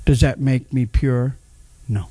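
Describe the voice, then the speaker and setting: A man's voice: mid-range voice, fairly even intonation, slow pace, mellow, breathy edge, no room sound. A middle-aged man preaching a sermon as pastor, sharing his own testimony and calling on the congregation to respond. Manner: personal testimony, emphatic, calls on the congregation.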